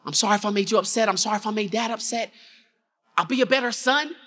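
A man acting out his four-year-old self, a frightened little boy pleading in a rushed, desperate voice. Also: sits high. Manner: rapid, pleading, rising to panicked shouts. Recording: reverberant conference hall.

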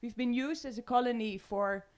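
Woman, Dutch accent, fairly high voice, panel speaker, earnest and emotional. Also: normal speed. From Netherlands. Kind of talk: emotional public talk. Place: room with audience.

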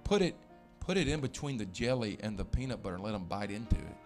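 Man, pastor preaching in a church, folksy anecdotes, gravelly voice. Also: lowish voice, sing-song, fast talker, soft background music. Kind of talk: sermon. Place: church sanctuary.

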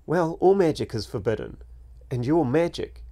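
Man doing a higher-pitched young boy, eager, cheeky, questioning, storybook. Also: lively intonation, normal speed, dark tone. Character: curious, earnest young boy.

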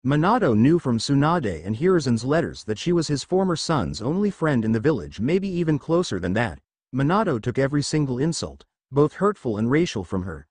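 A man's voice: mid-range voice, big pitch swings, a little fast, darkish tone, no room sound. A man narrating a fan fiction story in a plain reading manner.

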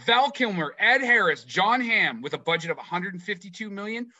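Bright, slightly high male podcast co-host, playful and profane, dry close recording. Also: a little fast, hardly any pauses, no echo, highs cut off. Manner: animated, swearing, playful. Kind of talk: casual chat.

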